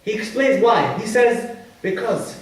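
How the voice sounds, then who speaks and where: A man with a notably high voice tells a religious story to a gathering, voicing each character in turn. He coughs and clears his throat now and then. The recording is very echoey, taken from far across a large hall. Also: expressive, measured pace. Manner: retells dialogue with shifting pitch, frequent coughs and throat clearing. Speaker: religious teacher. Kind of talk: storytelling lecture.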